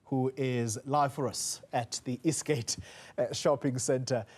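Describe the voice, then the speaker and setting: Measured male news anchor in the studio. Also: medium pitch, steady tone, a little mellow.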